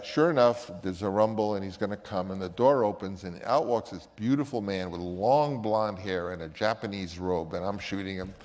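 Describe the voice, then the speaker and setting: A man's voice: low voice, darkish tone, long reverb tail. A man and film director telling a rambling anecdote, often stopping and restarting his sentences. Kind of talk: anecdotal storytelling.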